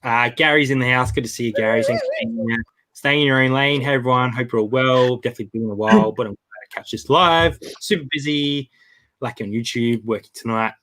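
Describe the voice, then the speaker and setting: Relaxed Australian man hosting a live chat. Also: mid-range voice, fairly quick. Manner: relaxed, reads out viewer comments, chuckles often. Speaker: host. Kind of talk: casual live-stream chat.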